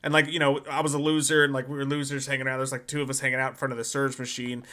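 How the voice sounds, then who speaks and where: A man co-hosting a casual live stream, telling profane, animated stories and acting out the people in them. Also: medium pitch, very fast. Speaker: podcast co-host.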